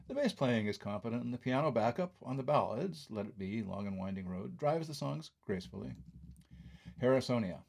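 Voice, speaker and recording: Older man, gravelly husky voice. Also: lowish voice, darkish tone. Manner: wry, conversational asides. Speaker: reviewer. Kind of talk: read-aloud film review essay.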